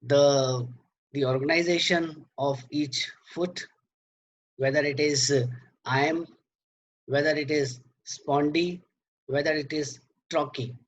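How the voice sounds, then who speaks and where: A man lecturing on poetry, slow and halting, repeating words and filling pauses as he explains. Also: a little high, steady tone, slight background noise.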